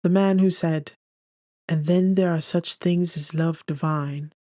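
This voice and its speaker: A man voicing a playful young woman who teases and argues in quick-witted banter. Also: on the high side, fairly even intonation, mellow, no echo, clean studio sound, close to an everyday voice. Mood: mocking. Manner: teasing, argumentative banter.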